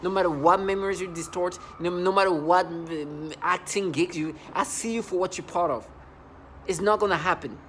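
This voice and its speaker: A man's voice: high voice, steady tone, normal speed, hardly any pauses, a bit bright, a little hiss or hum. A man vlogging an angry monologue, agitated and repetitive, often stumbling and restarting his sentences.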